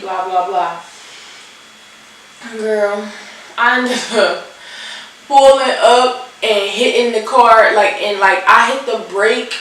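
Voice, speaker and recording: A young woman, animated and swearing, acting out the people in her storytime vlog while she does her makeup. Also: medium pitch, slow pace, long pauses, far from the mic. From Philadelphia. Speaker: vlogger. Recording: echoey room, off-mic, faint hiss.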